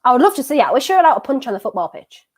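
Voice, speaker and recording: A woman's voice: sits high, racing. A young woman, live-streaming her reactions to a football match and chatting to viewers. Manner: excitable, swings from laughing to dejected, talks to viewers. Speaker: streamer hosting a football watchalong.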